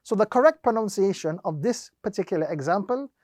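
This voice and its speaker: A man's voice: high-pitched, animated, a little mellow, no echo. Methodical male recitation teacher, dry sound. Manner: slow, deliberate explanation with drawn-out demonstrations; repeats each step methodically. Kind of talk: instructional lesson.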